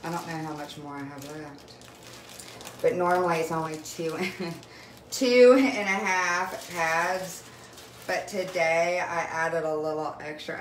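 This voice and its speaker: A young direct-sales vlogger with a low voice enthuses about skincare in a casual live video chat, excited and emotional. She's recorded at home on a phone mic, in an echoey room with a faint hiss in the background.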